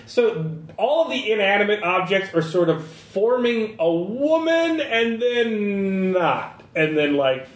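A man's voice: high-pitched, very animated. Man narrating as a game master. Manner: descriptive, halting narration. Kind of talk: narrating a tabletop horror game. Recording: roomy echo.

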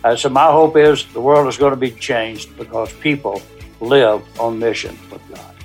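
A man as a guest in an interview, earnestly describing the small-group workshops he leads, with unhurried, faith-driven conviction. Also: medium pitch, soft background music. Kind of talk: interview answers.

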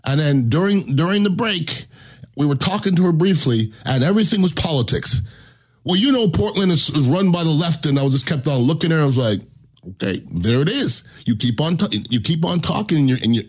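Husky-voiced man ranting bluntly. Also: on the high side, a little mellow. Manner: blunt, ranting, swears freely. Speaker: podcast host. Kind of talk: opinionated podcast monologue.

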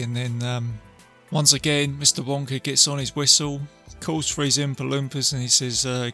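A man's voice: medium pitch, fairly even intonation, normal speed, few pauses, bright, forceful tone, soft background music. A man casually retelling a film's plot, rambling and full of fillers. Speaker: film reviewer. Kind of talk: casual film recap to camera.

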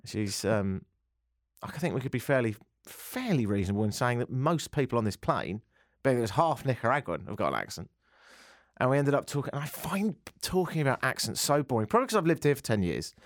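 A man with a London accent, a radio host telling animated, exasperated stories in casual chat. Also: mid-range voice, fairly quick, no room sound, studio quality. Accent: London English. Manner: animated storyteller, laughs while ranting.

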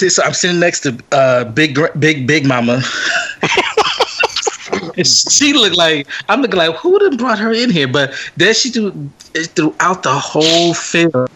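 A man's voice: a little high, noisy background. A young man hosting a podcast, telling a story in casual chat, acting out what people said and laughing often. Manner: animated storyteller, acts out quotes, laughs often. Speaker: podcast host.

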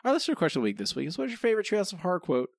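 A man co-hosting a podcast, talking in animated, exasperated runs and slipping into mock voices. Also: high-pitched, racing, vocal fry. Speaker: podcast co-host. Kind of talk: casual podcast chat.

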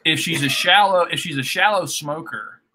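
A man's voice: fairly high pitch, normal speed, bright, forceful tone. A man chatting casually on a podcast, explaining his views at length. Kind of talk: casual chat.

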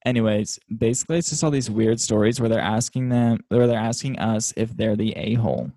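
A man's voice: fairly low pitch, a little fast, mellow, no room sound. A young man co-hosting a podcast, chatting in a playful, chatty way. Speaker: podcast co-host. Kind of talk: casual podcast chat.

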